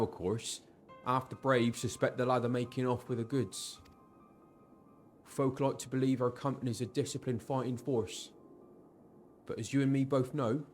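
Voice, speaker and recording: A man puts on a gruff Geordie mercenary officer from a fantasy game, blunt and folksy. The voice sits at an ordinary middle pitch and speaks up loudly. It comes across as game dialogue read aloud. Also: natural voice.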